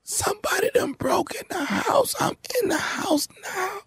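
A man's voice: extremely high pitch, big pitch swings, measured pace, pushed and bright, heavily acted. A man putting on a whispering, panicked man in hiding. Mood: panicked crying. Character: frightened young man hiding in a closet. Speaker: radio prank caller. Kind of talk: prank phone call.

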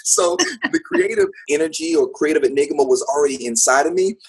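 An upbeat man recounts his path into acting, laughing easily as he talks. His voice sits a bit high and has a husky edge. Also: brisk. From United States. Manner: upbeat, animated, laughs often. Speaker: interview guest, actor and teacher. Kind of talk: casual storytelling interview.

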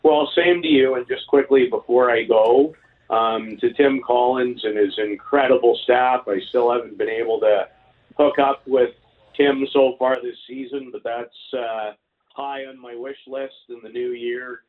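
A man calling in as a hockey color commentator, giving measured, thoughtful sports radio analysis with small restarts. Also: medium pitch, fairly even intonation. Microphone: phone. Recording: tinny phone line.

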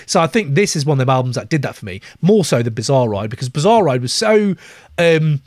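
Excitable podcast host, animated voice. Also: male voice, a little high, brisk, dry recording, clean studio sound. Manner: excitable, laughs often, swears casually. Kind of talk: casual album-review chat.

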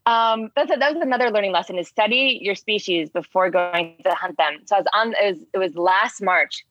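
A woman talks through her experiences in a loose, animated way, peppering everything with fillers. The sound is dry and a little dull, with no room around it. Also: mid-range voice, fairly quick, no room sound. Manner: rambling, filler-heavy, animated. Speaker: spearfishing guest. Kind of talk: casual storytelling chat.

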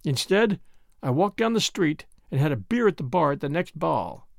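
A man's voice: on the high side, sing-song, moderate pace, vocal fry, no room sound, studio quality. A man reading a first-person literary story aloud in a wry, understated manner. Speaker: audiobook narrator.

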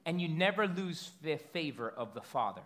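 A man in his thirties preaching a sermon as pastor, animated and storytelling, often stumbling and repeating words. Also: a little high, normal speed.

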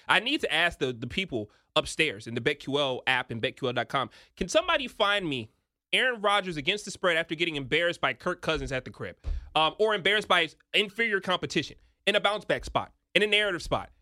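Animated bright-voiced man talking football bets. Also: on the high side, no room sound, studio quality. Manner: emphatic, rising to excited near-shouts. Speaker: sports betting analyst. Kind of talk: animated sports betting talk.

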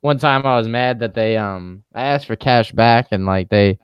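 Smooth-voiced laid-back young man. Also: medium pitch, moderate pace, dry recording, lo-fi sound. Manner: laid-back, self-mocking, laughs a lot. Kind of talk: casual chat.

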